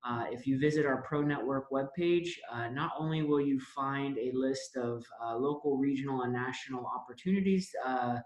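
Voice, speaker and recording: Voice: mid-range voice, echoey room. A webinar host on a video call, moderating questions and closing the session politely with many small fillers.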